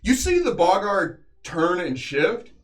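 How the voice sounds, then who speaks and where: Game-master type: a man with a fairly high voice and a very animated delivery, narrating battle scenes in detail. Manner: vivid, unhurried scene narration with filler pauses.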